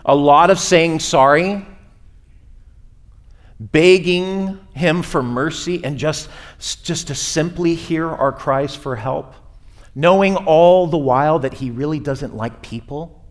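A man preaching a sermon to his church in a conversational way, rising and falling in pitch and loudness as he makes his points. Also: slow pace. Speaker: pastor. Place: church sanctuary.

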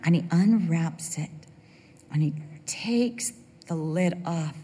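An older woman preaching a sermon and telling a personal story in an animated way, acting out the voices of the people in it. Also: lowish voice, slow, husky. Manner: animated storyteller who acts out quoted voices. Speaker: speaker at a church gathering. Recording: reverberant hall.

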